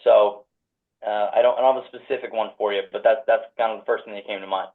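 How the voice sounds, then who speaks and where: A man's voice: lowish voice, steady tone, fast. Man from Philadelphia, tinny call audio. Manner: rambling, full of restarts and hedges. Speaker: guest. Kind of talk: reflective conversational answers.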